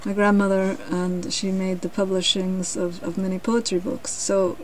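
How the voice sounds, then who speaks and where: A woman's voice: medium pitch, level tone, moderate pace, a little mellow, a little hiss or hum, rough recording. A woman in a casual vlog reading from a family book, chatting in rambling asides and laughing often. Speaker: reader sharing her grandmother's books.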